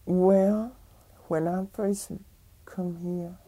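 A woman's voice: lowish voice, steady tone, very slow, dark tone, no room sound. An older woman, reminiscing in an oral history interview, rambling and chuckling as she tells stories. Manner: rambling storytelling, frequent chuckles.

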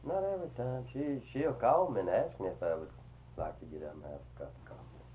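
An older man, easygoing and unhurried in casual chat. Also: lowish voice. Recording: tinny phone-like recording with clear noise.

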